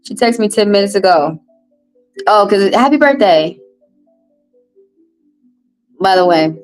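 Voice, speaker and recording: A woman's voice: mid-range voice, slow pace, faint music behind, poor audio. Chatty Southern woman reading tarot. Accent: Southern US, Texas. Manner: chatty, profane, animated asides. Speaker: tarot reader. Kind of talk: casual live-stream chat.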